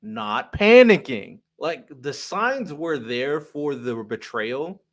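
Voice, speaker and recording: A man's voice: a little high, expressive, takes it slowly, fairly bright tone. A young man hosting a casual manga reaction, reading panels aloud, stumbling over words and adding his own commentary.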